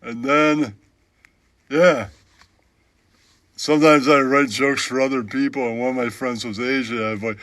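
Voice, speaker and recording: A man doing a parody stand-up routine in a deadpan way, with a repeated catchphrase. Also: medium pitch, a little slow, pauses often, no echo. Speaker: comedian parody.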